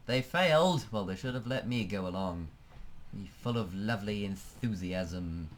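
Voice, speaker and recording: A man with a fairly low voice talks casually through a flight-sim game, musing aloud and letting sentences trail off. He sounds like a desk-mic home recording with a faint hum behind him. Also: normal speed. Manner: chatty, thinking aloud, trailing off. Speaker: let's play host. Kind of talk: casual gameplay commentary.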